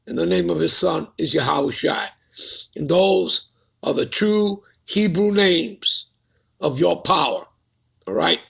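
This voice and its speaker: A man's voice: a little high, vocal fry, pushed and bright, breathy edge. A man preaching a Bible-study sermon who keeps putting rhetorical questions to his listeners and checking in with them.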